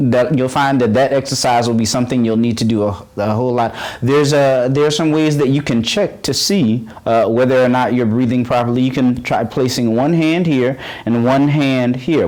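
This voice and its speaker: A man teaching a beginner's voice lesson, patiently guiding breathing and warm-up exercises and encouraging often, with frequent halting restarts. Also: medium pitch. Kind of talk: on-camera voice lesson.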